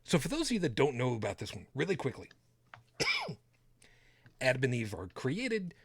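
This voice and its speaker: A man's voice: mid-range voice, huge pitch swings, normal speed, creaky, fairly bright tone, slightly rough, no room sound. Blunt swearing guy hosting a chat show, voice jumps all over, dry close sound. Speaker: podcast host. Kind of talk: casual chat.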